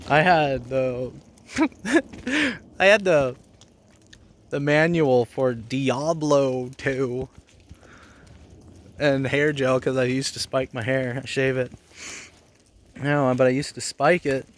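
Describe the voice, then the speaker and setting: A man's voice: mid-range voice, slow, pauses often. A man in his forties telling personal stories in a casual vlog, blunt and profane, rambling with bursts of anger. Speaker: vlogger.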